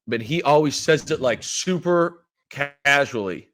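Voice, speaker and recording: A man in his thirties from Canada, hosting a casual sports podcast, telling a game story in an animated way and acting out quoted lines. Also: mid-range voice, unhurried. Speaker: podcast host, former player.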